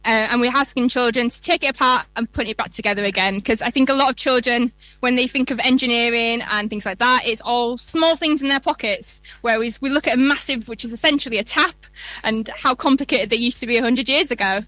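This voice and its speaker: A woman's voice: fairly high pitch, fairly quick, pushed and bright, no echo. A woman with a Yorkshire accent, a museum guest explaining things in a chatty live radio interview outdoors. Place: outdoor event.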